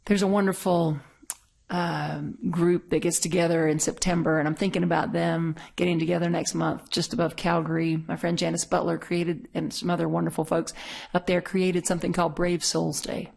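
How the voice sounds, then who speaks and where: A woman's voice: lowish voice, flat delivery, moderate pace, vocal fry, a little mellow. A middle-aged woman minister giving a conversational, story-filled sermon. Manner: conversational, storytelling, laughs often.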